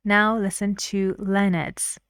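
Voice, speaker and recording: A woman teaching intonation at a slow, deliberate pace, echoing short phrases back so learners can copy them. Her voice is dry and close, with no room sound around it. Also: mid-range voice, level tone, a bit bright, clear, resonant tone. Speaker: English teacher. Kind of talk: intonation lesson, explaining clips.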